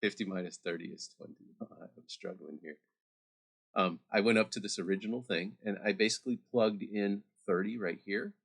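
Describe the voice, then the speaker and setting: Low husky-voiced male math teacher. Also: moderate pace, fairly bright tone. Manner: chatty, talks directly to students with asides. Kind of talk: screen-recorded math lesson.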